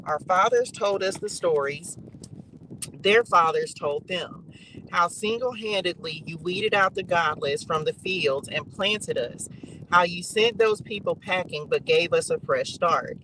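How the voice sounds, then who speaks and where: An online faith reader and streamer reads psalms aloud, emphatically repeating phrases and tossing casual asides to his live chat. His high voice sounds pushed and bright at a measured pace, and the rough recording has a little hiss or hum.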